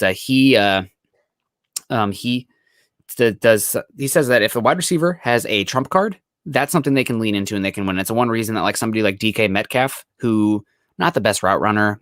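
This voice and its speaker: On a podcast, a young Iowan chats in a relaxed, filler-heavy ramble. His voice is on the low side, and the recording is dry with studio quality.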